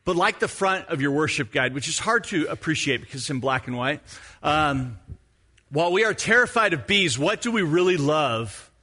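A middle-aged man preaching, weaving a personal story into his sermon. His voice sits high for a man and rings bright and forward. He tells it in an animated way, acting out his own moments as he goes. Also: normal speed. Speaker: pastor.

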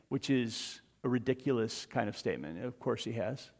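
A man's voice: mid-range voice, moderate pace, hardly any pauses. Man preaching a sermon in a reverberant hall. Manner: animated storytelling with asides.

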